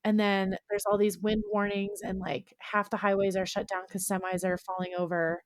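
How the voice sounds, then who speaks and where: A young woman in a podcast conversation, spinning out a long story with lots of "like" and quick restarts. Her voice sits at an ordinary middle pitch, and the dry, close sound carries almost no room echo. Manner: animated, rambling storytelling full of "like". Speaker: podcast guest or co-host. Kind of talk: casual storytelling chat.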